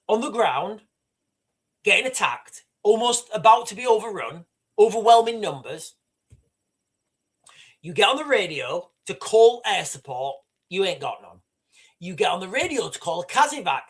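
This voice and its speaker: Emphatic high-voiced British man on livestream. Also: fairly bright tone. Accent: British English. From Britain. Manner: emphatic, repetitive, conversational, addresses chat directly. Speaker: livestream host. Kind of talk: casual livestream commentary.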